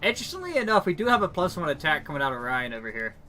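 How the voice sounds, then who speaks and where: A man's voice: a little high, wildly swooping pitch, very fast, sharp tone, soft background music. A man doing playful, teasing play-by-play esports commentary. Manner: playful, teasing, laughs often. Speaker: esports caster.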